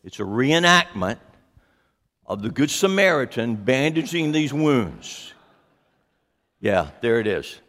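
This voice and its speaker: A man's voice: mid-range voice, sing-song, takes it slowly, pauses often, a bit bright, big-room sound. A man preaching a sermon as pastor, speaking animatedly and putting questions to his congregation.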